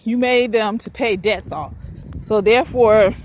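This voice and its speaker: A woman's voice: a little high, measured pace, a little mellow, a little hiss or hum. A woman hosting her own show, delivering a fired-up, profane, preachy monologue straight to her listeners. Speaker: podcast host. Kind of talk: ranting spoken monologue.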